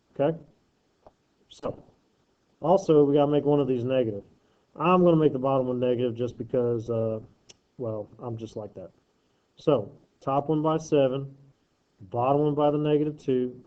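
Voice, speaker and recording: A man's voice: mid-range voice, highs cut off. Joking male math teacher thinking aloud. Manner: joking asides while working problems aloud; thinks aloud, self-correcting. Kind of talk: worksheet walkthrough lesson.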